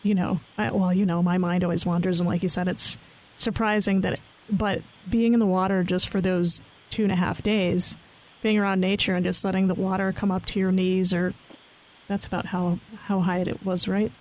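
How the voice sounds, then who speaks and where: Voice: medium pitch, level tone, moderate pace, low-quality recording. A cancer survivor chatting casually about a fishing retreat, with frequent fillers. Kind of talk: casual chat.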